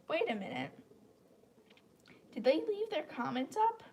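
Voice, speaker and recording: Woman streamer, slightly high pitch, stuffy congested throat; blunt, opinionated, rambling delivery. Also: very animated, normal speed, pauses often, a little hiss or hum. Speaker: live stream host. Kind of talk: casual live-stream rant.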